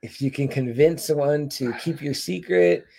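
A man's voice: a little high, normal speed, gravelly, breathy edge. A man in his forties in casual chat, retelling a horror film with lots of swearing and fillers. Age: 40s. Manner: profane, animated storyteller with many fillers. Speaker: podcast co-host.

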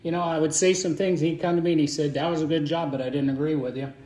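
A man's voice: a little high, steady tone, fast, darkish tone, slight background noise. A man preaching a sermon as a Baptist pastor to his congregation, in a fervent, folksy way that often repeats words. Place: church sanctuary. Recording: echoey church room.

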